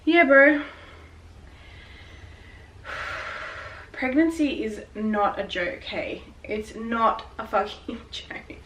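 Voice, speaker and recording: A woman's voice: a little high, animated, extremely slow, pauses often, fairly bright tone, slight background noise, low-quality recording. A pregnant woman in her late twenties, chatting frankly and a little out of breath while she wraps gifts at home. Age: late 20s. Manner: frank, chatty, swears and laughs often. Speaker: vlogger. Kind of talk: casual chat while wrapping gifts.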